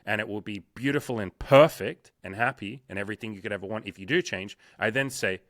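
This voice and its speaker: Speaking fast with few pauses, a dating and life coach in a relaxed podcast chat curses often and emphatically acts out sales calls in quoted voices. His voice is lowish and a bit bright, and the recording is dry and studio quality.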